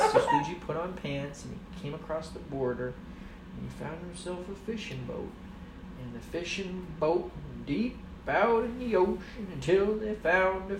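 Mom making up a goofy story for the kids at home, echoey room, noisy. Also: female voice, low voice, vocal fry, distant mic. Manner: playful, rambling, laughs while telling. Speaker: mother telling a story to her kids. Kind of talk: improvised storytelling.

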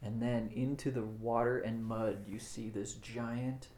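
A man's voice: mid-range voice, level tone, measured pace, darkish tone, a little hiss or hum. A man running a family tabletop game as game master, narrating playfully and often laughing.

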